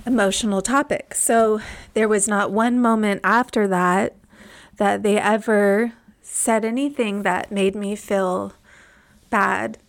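A woman's voice: medium pitch, steady tone, takes it slowly. A woman in her thirties hosting a podcast, telling a personal story in a reflective, heartfelt way. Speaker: podcast host.

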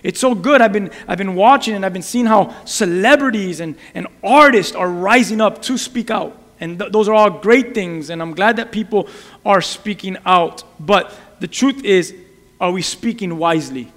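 A man's voice: high voice, normal speed, fairly bright tone, in a large hall. A man preaching an earnest sermon, often repeating and restarting his words. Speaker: pastor.

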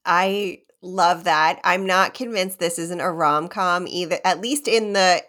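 A woman's voice: on the low side, unhurried, a bit bright. A woman hosting an interview podcast, talking casually and playfully with many fillers. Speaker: podcast host.

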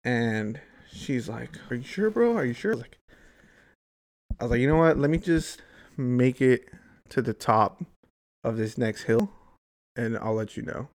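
In an easygoing chat, a young guy tells a drawn-out, meandering story peppered with profanity and constant "like" and "dude." He talks in a mid-range voice with fairly flat intonation, keeping a measured pace broken by long pauses.

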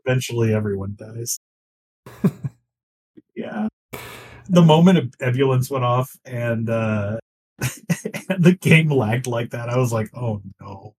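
A man's voice: mid-range voice, lively intonation, a little slow, pauses often, darkish tone, husky. A man co-hosting a casual gaming podcast, laid-back and casually profane. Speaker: podcast co-host. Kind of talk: casual podcast chat about an online game.

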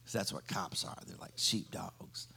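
A man's voice: unhurried, bright, forceful tone. A man preaching a sermon, telling stories with frequent ums and restarts. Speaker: guest preacher.

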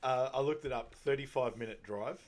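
An Australian man co-hosting a casual film recap over an online call. He talks in a relaxed, slangy way and laughs easily, with a voice of middle pitch. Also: a little fast. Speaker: podcast co-host. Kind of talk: casual movie recap chat.

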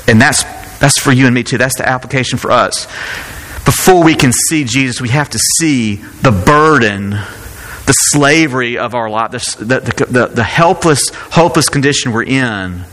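A male pastor preaches in a large hall, his mid-range voice a bit bright and his pace normal. He talks conversationally and poses rhetorical questions.

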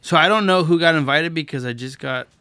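A man's voice: fairly high pitch, fairly quick, slight background noise. A man in his late twenties telling a story in casual chat, acting out the lines of the people in it. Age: 20s. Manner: animated storyteller, acts out quoted dialogue.

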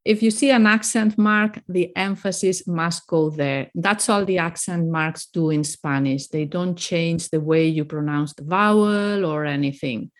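A woman teaching Spanish pronunciation, patient and clear as she models words and explains rules. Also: fairly low pitch, unhurried, hardly any pauses. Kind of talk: language lesson.

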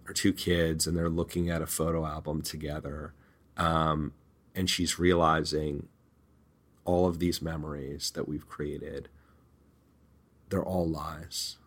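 A man's voice: deep voice, a bit bright. A man working as a reality TV producer, telling a story candidly and earnestly, often repeating words for emphasis.

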